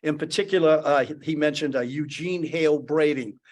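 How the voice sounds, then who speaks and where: An older man in his seventies speaks with a voice pitched a bit high for a man. He spins a loose, rambling anecdote on a conference panel, doubling back and restarting his sentences as he goes. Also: fairly quick, darkish tone. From Boston area. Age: 70s. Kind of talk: storytelling on a panel.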